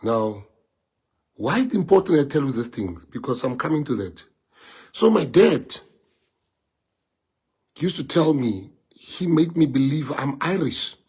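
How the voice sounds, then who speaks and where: Animated but measured, a South African livestreamer whose mother tongue is Afrikaans speaks in a mid-range, slightly rough voice and pauses often. His monologue is impassioned, full of rhetorical questions, and swings between quiet and loud.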